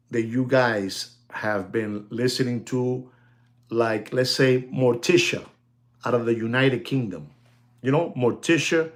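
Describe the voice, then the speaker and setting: A man selling watches in a casual, rambling talk, often calling out to ladies and gentlemen and laughing as he goes. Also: mid-range voice. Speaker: watch dealer. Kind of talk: casual chat.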